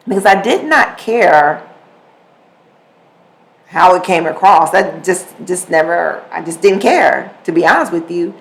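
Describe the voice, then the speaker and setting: A woman's voice: on the low side, creaky, low-quality recording. A woman hosting a podcast, talking casually about communication and acting out short examples as she goes. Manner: conversational, animated, acts out examples. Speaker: podcast host. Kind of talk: solo podcast talk on communication.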